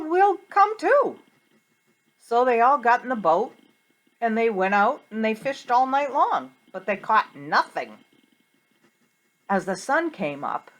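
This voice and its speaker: Animated woman telling a Bible story. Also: mid-range voice. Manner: animated, questioning, sing-song. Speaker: Sunday school teacher. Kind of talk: storytelling to children.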